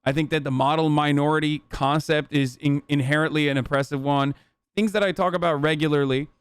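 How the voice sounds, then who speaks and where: A man's voice: a little high, fairly even intonation, a little fast, smooth, no room sound. A man streaming live, reacting to a video with rambling, profane, emphatic commentary.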